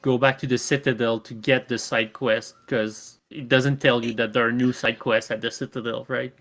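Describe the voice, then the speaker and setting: Easygoing male podcast co-host, measured delivery, mid-range voice. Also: medium pitch, little pitch movement, fairly bright tone. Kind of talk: casual chat.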